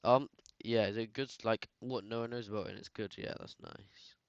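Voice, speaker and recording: A man's voice: fairly low pitch, fairly even intonation, moderate pace, creaky, no echo. A man with a British accent chatting casually while editing photos, rambling and slangy, full of filler words. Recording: dull, dry lo-fi sound.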